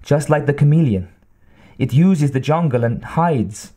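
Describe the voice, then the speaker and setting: Audiobook, male reader doing a scared young woman, halting and slow. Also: mid-range voice, animated, warm tone. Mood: frightened. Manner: halting, hesitant speech. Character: frightened young woman prisoner, hesitant.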